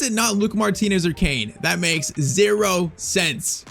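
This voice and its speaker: A young man giving casual, excitable live commentary on his own football video game match, with slang and outbursts at big plays. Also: sits high, measured pace, creaky, few pauses, soft background music. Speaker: gaming YouTuber.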